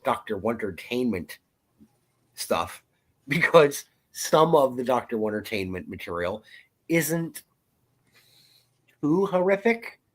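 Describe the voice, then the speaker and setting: An adult man co-hosting a podcast, chatting casually and telling stories in a playful, animated way. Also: lowish voice. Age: adult, parent of a twelve-year-old. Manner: animated, playful storytelling with jokes. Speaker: podcast co-host. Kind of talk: casual chat.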